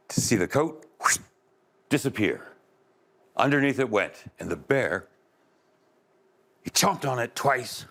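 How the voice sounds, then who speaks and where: A man telling a story aloud to children, expressive, with sound effects and asides to his listeners. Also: lowish voice. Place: live event space.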